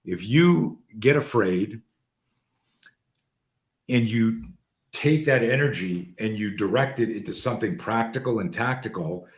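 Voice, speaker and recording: A man with a lowish voice tells a story on a podcast, lively and loose, swearing freely as he acts out what people said. His voice rings in a roomy, echoey space. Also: measured pace, pauses often. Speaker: podcast host. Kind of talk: storytelling in casual chat. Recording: roomy echo.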